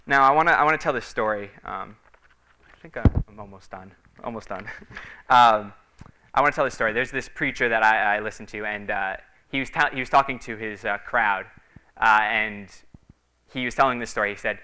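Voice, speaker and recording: Bright, clear-voiced man preaching. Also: fairly low pitch, normal speed. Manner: conversational storytelling, many fillers. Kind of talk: sermon.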